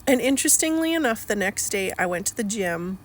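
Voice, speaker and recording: A middle-aged woman speaking candidly in a personal video, slow and searching, rambling with fillers. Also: medium pitch, lively intonation. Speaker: healing coach.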